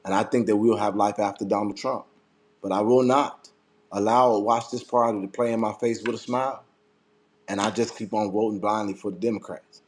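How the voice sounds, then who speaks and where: A man's voice: lowish voice, steady tone, a little fast, a little mellow. Fired-up, profane man ranting. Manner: heated, profane, repeats himself for emphasis. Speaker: political commentator. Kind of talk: impassioned political rant.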